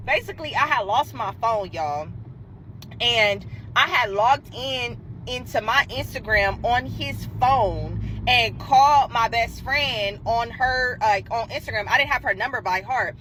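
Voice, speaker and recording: A young woman tells a story in casual, profane talk. Her voice is high and bright and swings widely. She acts out quotes along the way. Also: normal speed, slight background noise, low-quality recording. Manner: animated and profane, acting out quotes. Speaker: guest telling a dating story.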